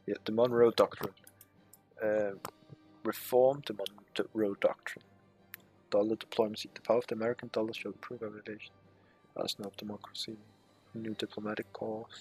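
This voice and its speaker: A man's voice: on the low side, flat delivery, brisk, pauses often, darkish tone, soft background music. A man giving casual gameplay commentary, reading game text aloud with muttered, swearing asides. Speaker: strategy game let's player.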